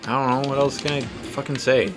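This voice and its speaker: Music plays behind a man who hosts a podcast and does tattoos, rambling, swearing and making self-deprecating jokes as he plays a fighting game. His medium-pitched voice is fairly even and brisk.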